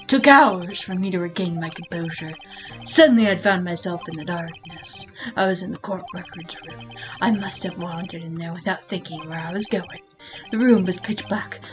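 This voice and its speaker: A woman's voice: on the low side, normal speed, soft background music, voice pushed down, close to an everyday voice, rough recording. A woman voicing a ruthless, vengeful old male prosecutor who bellows threats. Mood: grim, brooding.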